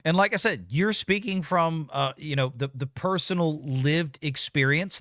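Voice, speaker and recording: A man hosting a live political talk show who talks casually and rambles through his points, often restarting his sentences. His pitch moves in a lively way. His tone is bright, and the sound is dry and close. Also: dry recording. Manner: rambling, frequent restarts, laughs easily.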